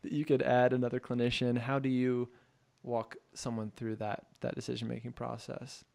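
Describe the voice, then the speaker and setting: A man hosting a podcast in casual chat, animated, playing out clients' lines. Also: mid-range voice, moderate pace, gravelly. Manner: animated, acts out clients' voices, laughs often. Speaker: podcast host.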